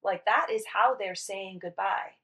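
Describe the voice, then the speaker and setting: A woman co-host talks about preschoolers in a quick, chatty way and often cuts in with her own points. She sits a little back from the mic, so her voice sounds slightly distant. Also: medium pitch, fairly bright tone. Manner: quick, interjecting. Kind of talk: casual chat.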